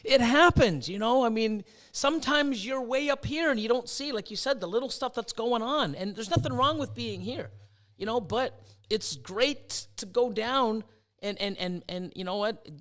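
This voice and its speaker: A man's voice: very high voice, normal speed, fairly bright tone. A middle-aged man hosting a casual chat, swearing freely and acting out his own past reactions. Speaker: host.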